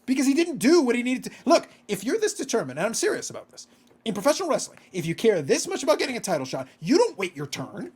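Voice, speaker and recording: A man's voice: very high voice, wildly swooping pitch, quick pace, husky. A man co-hosting a casual podcast, ranting with exasperation and swearing freely. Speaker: podcast co-host.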